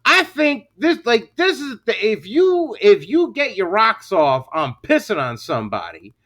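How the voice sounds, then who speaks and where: A man co-hosting a crude comedy podcast, telling stories with animated delivery and dropping low for quoted voices. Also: a little slow. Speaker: podcast co-host.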